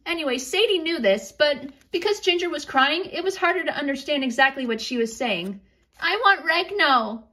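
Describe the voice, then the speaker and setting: A woman reading a homemade story aloud in a relaxed, chatty tone, with asides to her listeners. Her voice sits high and sounds bright and clear. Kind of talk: casual storytelling narration.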